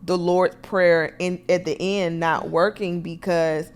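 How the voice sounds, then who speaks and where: A woman co-hosting a podcast, chatting in a lively, playful way and often slipping into quoted voices. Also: lowish voice, takes it slowly, smooth. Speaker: podcast co-host. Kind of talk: casual podcast chat.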